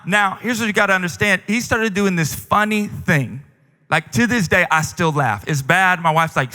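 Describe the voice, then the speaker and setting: A male pastor preaching a sermon in a large church, telling stories in an animated, humorous way. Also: sits high, moderate pace. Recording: long reverb of a large church hall.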